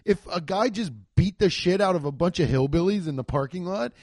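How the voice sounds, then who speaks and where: A man's voice: sits high, expressive, fairly quick, darkish tone, no room sound, studio quality. A young man giving a profane, exasperated comedic rant reviewing a movie.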